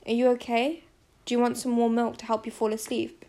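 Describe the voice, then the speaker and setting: Woman doing a tender middle-aged dad, hushed, with a gravelly edge and little lilt. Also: fairly high pitch, level tone, fairly quick, natural voice. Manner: soft, quiet and tender. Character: gentle, caring middle-aged father. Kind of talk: audiobook character voice.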